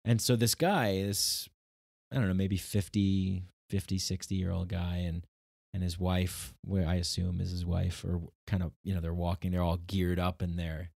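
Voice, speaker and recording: A man's voice: deep voice, little pitch movement, moderate pace, vocal fry, a little mellow, dry recording, studio quality. A man hosting his own podcast, telling a personal story in a rambling, casual way with many restarts and acted-out quotes. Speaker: podcast host.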